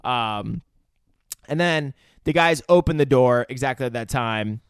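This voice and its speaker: A man's voice: mid-range voice, a little slow, smooth, no echo, clean studio sound. A man co-hosting a casual movie review podcast, retelling scenes loosely, swearing freely and putting on voices for the characters. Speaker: podcast co-host.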